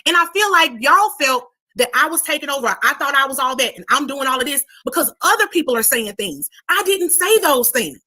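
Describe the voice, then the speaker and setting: Casting: high, bright woman, firm and insistent live-stream panelist. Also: animated, fairly quick, few pauses. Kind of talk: heated live-stream argument.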